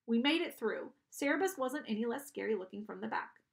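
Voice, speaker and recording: Expressive woman narrating a story. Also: fairly high pitch, brisk, vocal fry. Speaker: audiobook reader.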